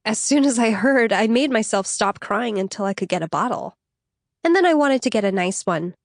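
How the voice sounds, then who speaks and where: Woman narrator doing an earnest, flustered young woman in mourning, pitched well above her own voice, apologetic and breathless, audiobook dialogue in a dry studio. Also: expressive, normal speed, no echo. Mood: tearful, flustered.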